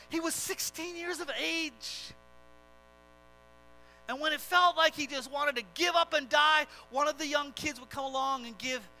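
Male preacher, very high and very bright voice, emphatic storytelling delivery. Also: poor audio. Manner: emphatic, swelling from hushed to loud. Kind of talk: sermon storytelling.

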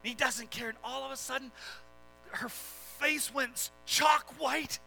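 High, bright-voiced male preacher. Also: steady tone, a little slow, gravelly, soft background music, poor audio. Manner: earnest, swelling into dramatic retelling. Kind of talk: sermon with storytelling.

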